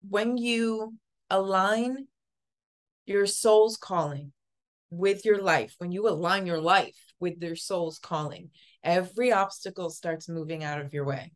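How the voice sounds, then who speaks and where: A woman telling a personal story as an interview guest, earnest and halting, often repeating words. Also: lowish voice. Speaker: podcast guest, psychic Reiki master.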